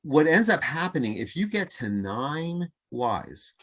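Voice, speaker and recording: A man speaking as a podcast guest, a communication coach and author, talking in an animated way and acting out the voices he quotes. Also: on the high side, unhurried, husky. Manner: animated, acts out quoted voices, laughs easily. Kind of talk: conversational interview.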